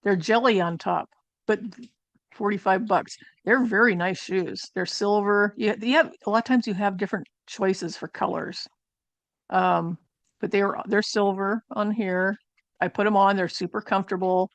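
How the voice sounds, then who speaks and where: A woman's voice: medium pitch, steady tone, normal speed, no room sound. Chatty woman doing a home haul. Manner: chatty, rambling, with frequent fillers and asides. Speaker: channel host. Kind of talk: casual product haul review.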